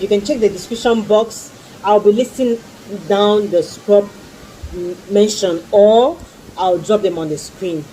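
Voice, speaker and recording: A woman talks casually about skincare products she loves. Her voice is mellow and warm, and she gushes, breaking again and again into fond exclamations and pleas. Faint noise sits under the recording. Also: medium pitch, rough recording. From Nigeria. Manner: gushing, repeats exclamations and pleas. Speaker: skincare vlogger.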